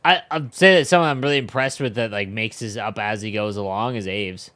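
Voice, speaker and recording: A man's voice: lowish voice, fairly quick, fairly bright tone. A man co-hosting a gaming podcast, rambling in casual chat and talking over the others. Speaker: podcast co-host.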